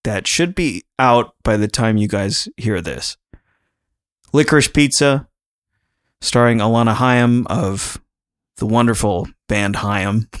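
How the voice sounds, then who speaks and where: A man's voice: fairly low pitch, slow pace. A man co-hosting a casual podcast, talking in a chatty, rambling way and laughing often. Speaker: podcast co-host.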